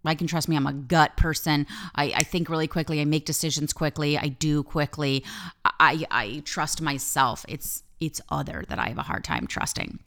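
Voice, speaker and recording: Speaking at a moderate pace in a deep voice, a female life coach and podcaster shares a personal story openly. Her monologue is energetic and full of casual swearing.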